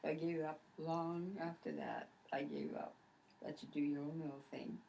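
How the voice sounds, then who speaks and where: A woman's voice: low voice, big pitch swings, moderate pace, vocal fry, mellow, slight background noise, rough recording. A middle-aged mother reminiscing in a casual family interview, acting out old conversations. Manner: reminiscing, acts out quoted dialogue.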